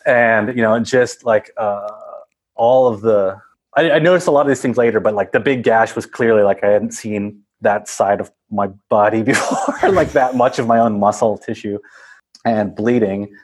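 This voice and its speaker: Here a low-voiced man speaking at normal speed spins out a lengthy, casual tale full of fillers. He rambles, laughs frequently, and imitates the voices of others along the way.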